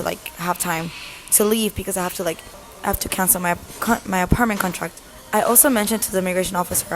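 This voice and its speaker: A woman in her twenties from the US telling a story in a chatty, animated vlog with lots of fillers. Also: mid-range voice. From United States. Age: 20s. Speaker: vlogger.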